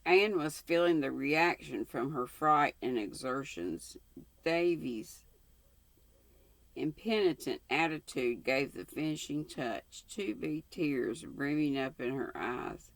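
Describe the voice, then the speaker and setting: A Southern US woman in her sixties reading a novel aloud in a folksy, unhurried way as the channel host. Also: deep voice, animated, no room sound. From North Carolina. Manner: folksy, unhurried, with colloquial sign-offs. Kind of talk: homespun read-aloud of a novel.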